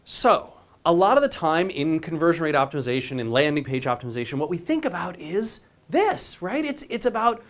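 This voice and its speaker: Energetic man giving a conference talk. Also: on the high side. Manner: energetic, keeps asking "right?" to the audience; many quick restarts and repeated words. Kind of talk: conference presentation.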